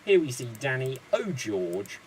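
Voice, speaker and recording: A man's voice: mid-range voice, very animated, a little slow, slight background noise, rough recording. A man hosting an online improv comedy show, chatty and rambling.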